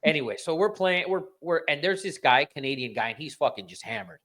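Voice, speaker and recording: A man's voice: a little high, very animated, brisk, fairly bright tone. A man hosting a podcast, ranting in casual, profane chat that rambles with restarts. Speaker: podcast host.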